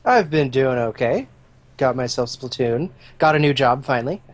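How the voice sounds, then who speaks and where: A man guesting on a casual gaming podcast, speaking in a middle-pitched voice. He is laid-back and chatty, and laughs at himself. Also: lively intonation, normal speed. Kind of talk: casual chat.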